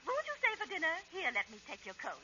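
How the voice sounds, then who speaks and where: An actress playing a sugary-sweet wife who hides a temper, with a syrupy sing-song manner, 1940s radio comedy acting. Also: female voice, very high-pitched, wildly swooping pitch, fast talker, heavily acted. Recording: noisy, dull 1940s radio broadcast.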